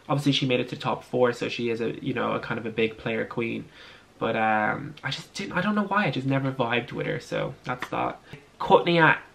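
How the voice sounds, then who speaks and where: A young man with an Irish accent talks in a relaxed, gossipy vlog ramble. His voice carries a gravelly, creaky edge at a middling pitch, and he keeps stumbling through ums and half-started phrases. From Ireland. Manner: chatty, gossipy, frequent ums and restarts. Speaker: vlogger. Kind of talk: casual chat.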